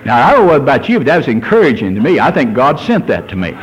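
A man's voice: medium pitch, huge pitch swings, fast, rough recording. A man in his sixties, a pastor preaching a fervent sermon and reading scripture aloud. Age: 60s.

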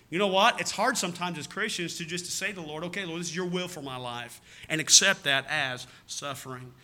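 A man's voice: high-pitched, pushed and bright. A man with a Southern American accent preaching a sermon in a folksy, rambling way, often calling out "amen?" to his church. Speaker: pastor.

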